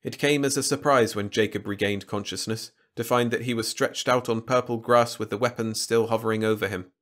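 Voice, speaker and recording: A man narrating a science-fiction story aloud in an even, measured storytelling voice. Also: lowish voice. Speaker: audiobook narrator.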